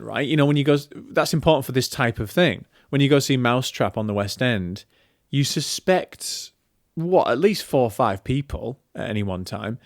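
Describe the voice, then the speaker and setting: A man's voice: mid-range voice, normal speed, no room sound, studio quality. A man hosting a casual film review show, talking in a chatty, opinionated way with plenty of fillers and restarts.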